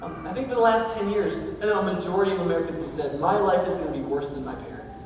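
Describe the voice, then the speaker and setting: A man with a high-pitched voice talks fast while preaching as a church's pastor, keeping things casual, joking and conversational. He's in the church sanctuary, recorded from far off in an echoey hall.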